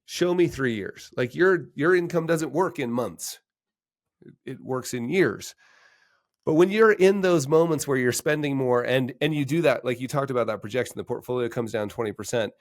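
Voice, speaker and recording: A middle-aged man with a mid-range voice hosts a podcast interview at a moderate pace. He works as a financial planner and talks casually, often restarting sentences and getting livelier when he retells stories.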